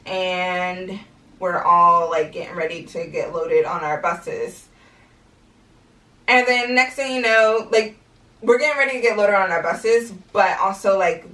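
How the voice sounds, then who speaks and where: A woman's voice: medium pitch, recorded from a distance. A young woman vlogger candidly retelling a painful story with lots of "like" and "you know". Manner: candid, animated retelling with many fillers. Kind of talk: personal storytelling vlog. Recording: roomy sound, mic set back.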